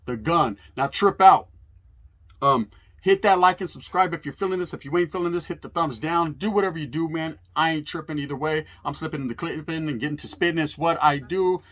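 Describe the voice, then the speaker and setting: Fast-talking man with street slang. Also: on the high side, fairly bright tone. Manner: street slang, swearing, emphatic. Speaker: channel host telling prison stories. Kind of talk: casual storytelling monologue.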